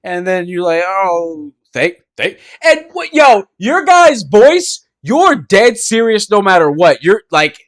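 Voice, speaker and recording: A man with a high voice tells a meandering story on a casual gaming podcast. He talks slowly, swearing often and circling back over his words. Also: very animated. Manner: rambling storytelling, lots of swearing and restarts. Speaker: podcast co-host.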